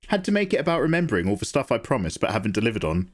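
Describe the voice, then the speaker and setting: A man hosts a live drawing stream, chatting casually as he draws, reading and reacting to viewer messages, and laughing often. Chatty and animated, he talks quickly with frequent pauses, and his pitch jumps high when he gets excited.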